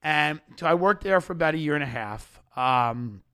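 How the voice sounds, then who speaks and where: Bright-voiced ranting comedian man. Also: a little high, smooth. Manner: animated, rapid-fire rants, acts out characters in quotes. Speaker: comedian podcast guest. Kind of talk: comedic storytelling in casual chat. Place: podcast studio.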